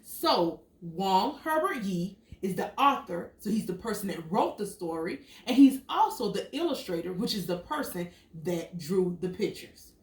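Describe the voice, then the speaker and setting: A female teacher with a lowish voice reads a picture book aloud to young children a little slowly, with hardly any pauses. She tells it expressively, acting out the sound words and quizzing the kids, heard through a distant mic in an echoey room.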